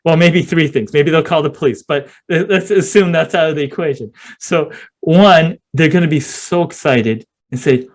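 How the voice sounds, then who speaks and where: A man speaking as a podcast guest in casual interview talk, an animated storyteller who acts out scenes and uses many fillers. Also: a little high, moderate pace. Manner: many fillers like "you know".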